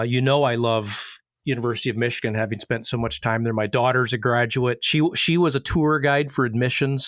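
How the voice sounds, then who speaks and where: Podcast host, middle-aged man, measured and warm, dry close mic. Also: mid-range voice, dry recording. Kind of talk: podcast hosting.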